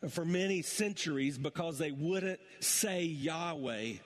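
A man's voice: fairly high pitch, in a large hall. A male senior pastor delivering a sermon, talking emphatically and building in intensity.

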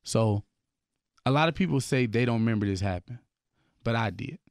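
A man's voice: mid-range voice, animated, normal speed, no echo. Earnest man telling his testimony, dry studio sound. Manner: earnest storytelling, acts out voices in his story. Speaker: guest, gospel hip-hop artist. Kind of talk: radio interview, personal testimony. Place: radio studio.

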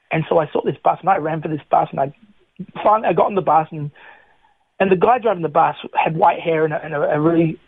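A man's voice: on the high side, slightly rough, dry recording. Man, middle-aged, chatty testimony, dry close sound, phone-like line. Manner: animated, chatty, frequent restarts. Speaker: guest. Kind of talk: personal testimony storytelling.

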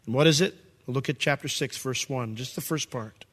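A man preaching a sermon as pastor, reading scripture and acting out the quoted voices with big jumps in pitch. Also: a little fast, fairly bright tone.

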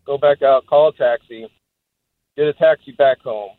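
A man's voice: medium pitch, normal speed. A man calls in to a radio show and tells his story in a matter-of-fact way. His voice comes over a tinny, phone-like line with no room echo. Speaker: radio caller. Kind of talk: casual storytelling.

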